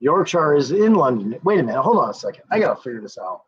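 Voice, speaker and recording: A man's voice: medium pitch, sing-song, fast talker, slight background noise. An American man hosting a casual livestream, rambling and swearing, chuckling often as he talks to viewers. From United States. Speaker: livestream host. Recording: dull lo-fi stream audio.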